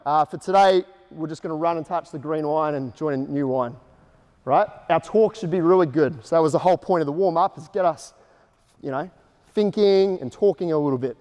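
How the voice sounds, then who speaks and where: A man with a fairly high voice runs a basketball coaching clinic, talking players through drills in short, casual instructions and quick called-out cues. His voice rings with the long reverb of a big indoor gym. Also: a little mellow. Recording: echoey gym hall reverb.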